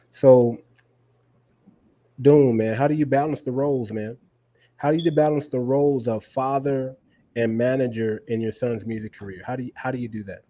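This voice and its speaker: A man's voice: mid-range voice, steady tone, moderate pace, mellow, no room sound, lo-fi sound. Laid-back man hosting a livestream. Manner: laid-back, talks straight to the viewers and checks the stream. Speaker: livestream interview host. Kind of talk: casual livestream chat.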